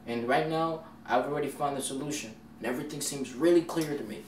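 A man's voice: mid-range voice, quick pace, over a noisy crowd, lightly acted. An actor playing an evasive young man who stammers and repeats himself, brushing people off and flaring into anger, in a short film. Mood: dismissive. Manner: evasive and dismissive, flares into anger. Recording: roomy echo, distant mic, background hiss.

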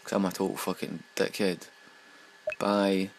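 A man with a Scottish accent giving sweary, excitable let's play commentary as he plays a game. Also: sits low, measured pace, slight background noise, low-quality recording.

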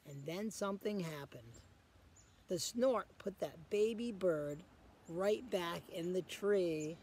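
A man reading a picture book aloud to children as a guest reader, pausing often to ask the children questions. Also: high-pitched, darkish tone, a little hiss or hum.

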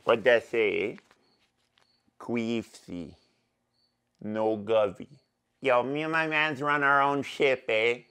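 A man's voice: mid-range voice, steady tone, slow, pauses often, fairly bright tone, clear, resonant tone, pitched below the performer's own voice. A man playing a boastful, goofy young rapper character with a Toronto accent, drawling and slangy in a comedic lyric breakdown. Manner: exaggerated boasting swagger. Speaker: parody rapper.

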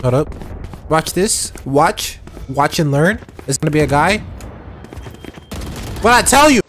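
A gamer giving excited, trash-talking commentary while playing a shooter game. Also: medium pitch, a little slow, a little hiss or hum. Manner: hyped, whooping, trash-talking. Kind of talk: live gameplay commentary. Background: faint game music and gunfire.

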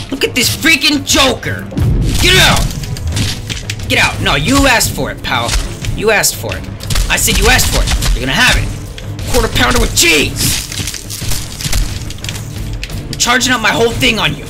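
A man with a high, very lively voice commentates his gameplay in a slow drawl, sarcastic and openly frustrated with the game. Game music plays clearly behind him. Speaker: let's play gamer.

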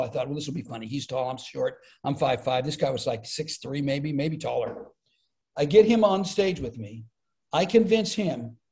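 Middle-aged comedian, animated storyteller, slightly high, mellow tone. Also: male voice. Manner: animated, acts out quoted voices. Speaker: comedian and speaker, podcast guest. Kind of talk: storytelling in conversation.

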